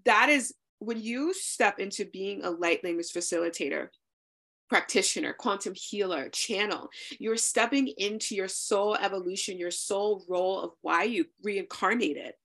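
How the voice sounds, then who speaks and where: A woman's voice: mid-range voice, moderate pace, fairly bright tone. A woman hosting a casual podcast chat, speaking in a fervent, motivational way and swearing for emphasis. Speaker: podcast host and spiritual coach.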